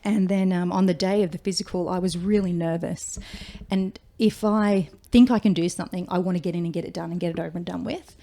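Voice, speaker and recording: Australian woman firefighter, 40s, gravelly, warm-toned, chatty storyteller. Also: lowish voice, a little fast, hardly any pauses. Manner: chatty, animated retelling with quoted speech. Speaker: guest, firefighter. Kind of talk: casual interview storytelling.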